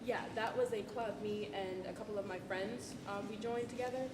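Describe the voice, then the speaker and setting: A woman's voice: mid-range voice, fairly even intonation, moderate pace, noisy background, lightly acted. A young woman playing an eager, apologetic teen applicant in a school stage play, stammering and repeating herself. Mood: modest. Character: eager teen girl, top student applicant. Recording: echoey hall, far from mic.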